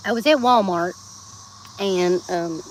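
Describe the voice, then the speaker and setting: A woman's voice: on the low side, slow pace, slight background noise. A woman from Georgia with a Southern accent, chatting casually to viewers in a live stream, laughing often and bursting into snatches of songs. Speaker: livestreamer. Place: outdoors. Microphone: phone.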